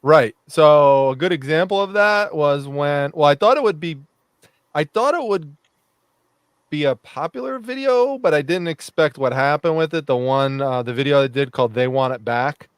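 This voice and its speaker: A man, a reseller who makes videos, tells a story on a live show. His voice is smooth and fairly high, and the sound is dry. He talks reflectively, with many uh's. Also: moderate pace, no room sound. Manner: reflective, with frequent uh and um. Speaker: reseller YouTuber guest. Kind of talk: casual storytelling.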